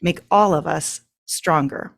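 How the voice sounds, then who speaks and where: A woman voicing Colin, a calm, wise male peppered moth, in a put-on English accent, earnestly explaining. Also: low voice, slow pace, vocal fry, heavily acted.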